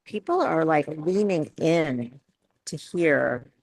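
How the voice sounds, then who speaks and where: A woman speech coach hosting a live webinar Q&A, talking in halting phrases with many fillers and restarts over a video call. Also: deep voice, animated, gravelly, a little mellow, no echo.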